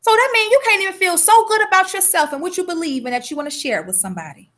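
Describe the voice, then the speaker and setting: A woman teaching an informal health class, talking in an emphatic, colloquial way and telling animated stories. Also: very high-pitched, racing. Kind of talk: informal live class talk.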